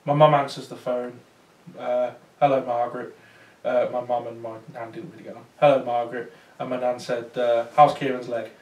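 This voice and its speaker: Mid-range and slightly mellow, his voice shows little pitch movement, and he keeps a moderate pace with few pauses. The man is a paranormal investigator telling a small audience a chatty story, with many fillers and restarts, and he is recorded from afar with roomy acoustics.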